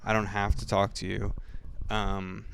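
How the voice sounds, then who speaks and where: A man playing along in a comedic improvised game, talking hesitantly with many halting restarts. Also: fairly low pitch, completely flat delivery, gravelly, fairly bright tone, a little hiss or hum. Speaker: player.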